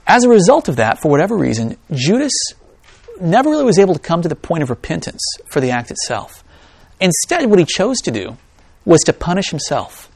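His voice sits fairly high, runs a little fast, and has a creaky quality, captured with no room sound. The man, a pastor, reads scripture aloud and then talks to his congregation in an animated manner, full of jokes and asides.

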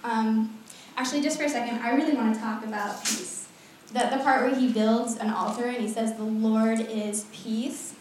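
Young woman, casual animated preacher, slightly high voice, recorded far off in a very echoey hall. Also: fairly quick, hardly any pauses, slight background noise. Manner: animated, laughing often, chatty asides. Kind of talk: casual sermon.

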